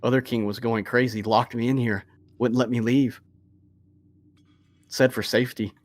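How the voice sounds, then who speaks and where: A man's voice: mid-range voice, flat delivery, normal speed, lightly acted. A man voicing a dazed, relieved gnome king who rambles and repeats himself. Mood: rambling.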